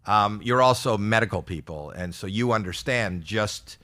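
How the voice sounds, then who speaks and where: A man's voice: on the low side, normal speed, pushed and bright. A man in his sixties performing a stand-up routine for a virtual audience, telling rambling, self-deprecating stories with stammered restarts. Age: 60s. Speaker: stand-up comedian.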